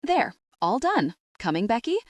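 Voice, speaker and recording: A woman's voice: fairly high pitch, sing-song, measured pace, dry recording, pitched above the performer's own voice. A woman doing a chirpy older knitter.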